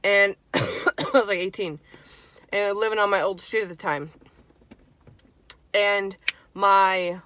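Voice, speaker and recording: A young woman vlogger telling a spooky story in casual chat, animated and swearing freely. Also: mid-range voice, slow, long pauses, slight background noise. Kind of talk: casual storytime while eating.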